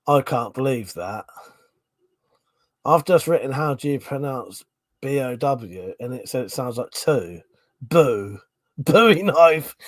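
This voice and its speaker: A man's voice: mid-range voice, lively intonation, unhurried, long pauses, no echo. A man hosting a casual live-stream chat, a bit drunk, swearing freely and laughing often. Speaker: livestream host.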